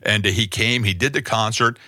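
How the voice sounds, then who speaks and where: A middle-aged man preaching a sermon as pastor, conversational and emphatic, with sudden loud peaks. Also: on the low side, moderate pace, dry recording, studio quality.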